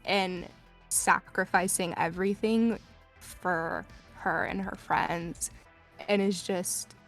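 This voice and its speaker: Woman player, earnest halting role-play, gravelly fry. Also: fairly low pitch, fairly even intonation, soft background music. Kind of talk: casual tabletop role-play.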